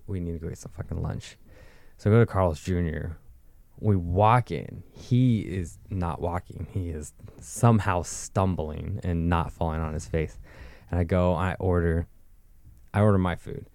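A man's voice: sits low, vocal fry, a little mellow, no echo. A young man telling a rambling, profane story in casual chat. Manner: profane, rambling, with frequent likes.

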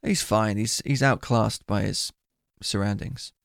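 A man's voice: lowish voice, unhurried, vocal fry, dry recording. A man chatting casually, given to dry, teasing understatement. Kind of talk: casual chat.

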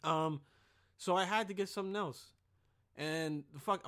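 A young man hosting a podcast in a casual, rambling monologue, profane and excitable, with sudden loud bursts. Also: high-pitched, unhurried. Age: young adult. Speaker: podcast host.

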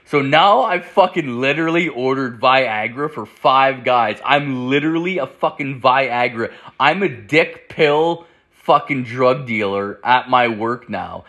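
Man, host, bright tense voice, profane comedic storytelling, rambling. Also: medium pitch, a little slow, dull audio. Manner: rambling, heavy swearing, lots of "like". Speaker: show host.

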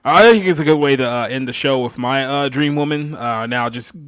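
A man's voice: mid-range voice, a little fast, fairly bright tone, clean tone, no room sound. Georgia guy on a podcast, lots of likes and uhs, dry close sound. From Georgia, USA. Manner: casual, filler-heavy. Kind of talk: casual podcast chat.

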